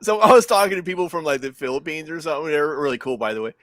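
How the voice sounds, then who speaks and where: A man chatting casually as a guest on a live stream, playful and quick to laugh. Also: on the high side, fairly bright tone, no room sound. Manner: playful, laughs often, jokey. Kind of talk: casual chat.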